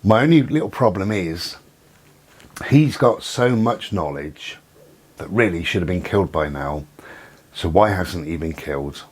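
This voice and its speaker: Guy rambling on his channel, really low voice, lots of ums and trailing off. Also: expressive, husky. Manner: musing and conspiratorial, with many pauses and fillers. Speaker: channel host. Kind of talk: rambling spoken monologue.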